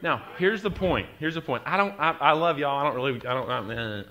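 A middle-aged pastor delivers a sermon. His voice is bright and slightly high. He drops into quiet, confiding storytelling, then climbs to loud, driving emphasis. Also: lively intonation, fairly quick, hardly any pauses. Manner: storytelling, swings from quiet asides to loud preaching.

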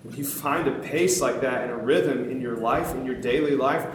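A man preaching a sermon in an animated, conversational way, poking fun at himself. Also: mid-range voice, normal speed, very echoey, slight background noise. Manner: animated, conversational, self-mocking, laughs often.

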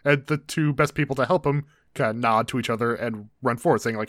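A man's voice: mid-range voice, fairly quick, fairly bright tone, no echo. A man co-hosting a casual recap chat, walking through the plot in a wry, laid-back way. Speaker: podcast co-host.

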